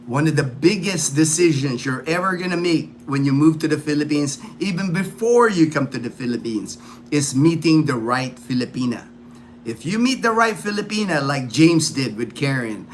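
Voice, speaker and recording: This livestream host from the United States has a slightly high voice and chats casually, rambling and repeating himself with plenty of fillers. There's a little background noise.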